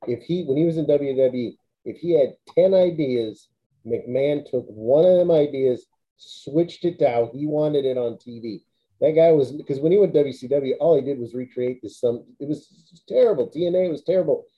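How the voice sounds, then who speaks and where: A podcast host airs blunt opinions in loose, casual chat, with quick reactions in between. His voice is mid-pitched for a man and sounds dull and lo-fi. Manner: opinionated, blunt, short interjections. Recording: dull lo-fi audio.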